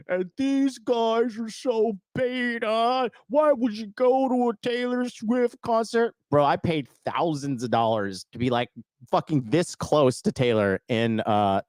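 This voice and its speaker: A young adult man hosting a solo podcast, ranting in a crude, profane, mocking way with lots of filler. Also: no echo. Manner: mocks critics in a high whiny put-on voice. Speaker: podcast host.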